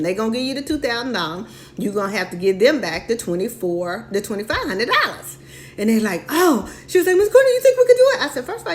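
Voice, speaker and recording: A woman mentor with a fairly high voice tells an animated story, playing both sides of the conversation herself. She keeps repeating her lesson like a coach on a live stream. A faint hum runs underneath. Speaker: real estate mentor. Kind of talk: motivational live-stream talk.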